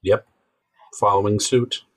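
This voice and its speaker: A man playing a tabletop role-playing game, measured and dry in his remarks. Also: on the low side, fairly even intonation. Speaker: player.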